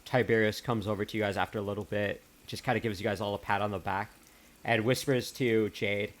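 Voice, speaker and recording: A man narrating as game master in a tabletop game, casual and halting, with many fillers. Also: on the low side, fairly even intonation. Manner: casual, halting with fillers, reads letters aloud.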